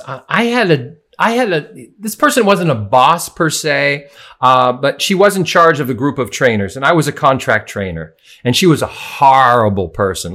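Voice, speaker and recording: A man's voice: fairly high pitch, fairly bright tone. A middle-aged man co-hosting a podcast, telling anecdotes casually and stressing words for effect. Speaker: podcast co-host.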